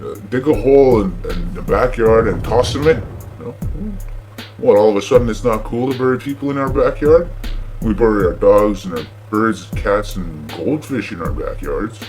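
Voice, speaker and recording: A man's voice: on the low side, moderate pace, a little mellow, faint music behind. A man hosting a show, ranting sarcastically about the news in a profane, mocking way. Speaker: podcast host. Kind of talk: comedic news rant.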